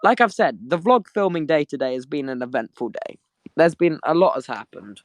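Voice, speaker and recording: A man's voice: on the high side, expressive, fairly quick, no echo. A young English man, tired after little sleep, chatting casually as host of a live audio stream. He rambles through a story, laughing and restarting his sentences, and speaks from his bed. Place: sitting in bed at home.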